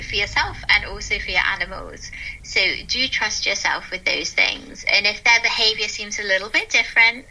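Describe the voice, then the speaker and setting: A woman speaks as an interview guest with a very bright, clear-toned voice. She tells her stories earnestly and warmly. She often breaks into laughter as she talks. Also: mid-range voice, rough recording. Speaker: guest, calm mentor. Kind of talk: casual interview storytelling.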